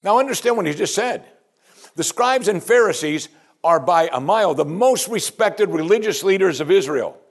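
A man preaching a sermon, reading scripture aloud and asking pointed questions, often dropping to a hushed voice on key points. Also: high-pitched, expressive, normal speed.

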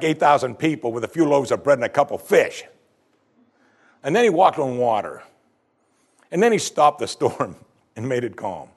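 A man's voice: medium pitch, breathy edge. A man preaching a sermon, reading scripture aloud with dramatic emphasis. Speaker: pastor.

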